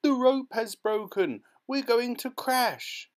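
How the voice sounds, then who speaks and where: A man voicing a shrill, panicky, complaining mother in a storybook reading. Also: lively intonation, slow pace, exaggerated voice. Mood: panicked. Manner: shrieking, complaining.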